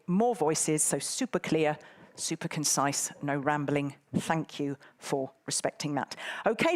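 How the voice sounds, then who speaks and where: A woman moderating a live conference, bantering and teasing the audience in a playful way. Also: on the low side. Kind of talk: live event hosting.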